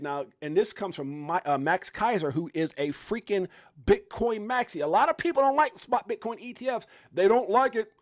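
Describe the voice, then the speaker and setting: A middle-aged man hosting a crypto live stream, preaching hard work in fired-up, slangy talk with loud whoops. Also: sits high, no echo, clean studio sound.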